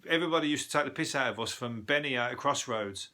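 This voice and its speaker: A man's voice: medium pitch, fast talker, sharp tone. A man with a Birmingham accent, a comedian hosting a show and rambling through news stories in a sweary, laughing monologue. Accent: Birmingham (Brummie). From Birmingham, England. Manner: sweary, rambling, laughs at his own jokes.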